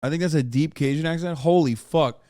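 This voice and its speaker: A man's voice: fairly high pitch, brisk, darkish tone, no echo, clean studio sound. A male streamer giving casual, profane, incredulous commentary as he reacts to a show.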